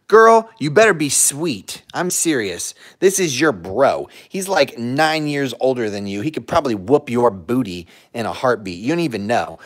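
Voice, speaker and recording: Young male streamer, lively pitch, casual and playful, drops into soft baby talk for his pets. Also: normal speed, few pauses. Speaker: livestream host with dogs. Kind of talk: casual livestream chat.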